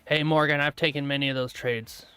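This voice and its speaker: A man running a day-trading live stream, chatting casually and answering viewers' comments aloud, relaxed and quick to laugh. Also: a little high, smooth, no room sound, soft background music. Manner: relaxed, laughs often, trails off mid-thought.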